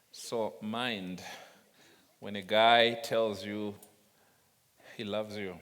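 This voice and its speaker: A man's voice: on the low side, fairly even intonation, very slow, long pauses, a bit bright. A man preaching a sermon, telling humorous stories and chuckling as he goes. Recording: long reverb of a large hall.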